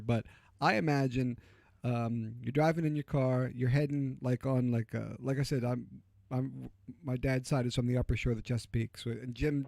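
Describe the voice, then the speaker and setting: A man's voice: medium pitch, vocal fry, darkish tone, dry recording. A man hosting a livestreamed talk show in casual chat. He rambles, interrupts himself, laughs easily and swears.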